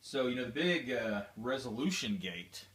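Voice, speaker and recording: A man hosts a casual let's-play, rambling with hesitant fillers as he comments on the game. His medium-pitched voice is very animated and fairly bright, at a moderate pace. The mic sounds distant in a roomy space with faint noise.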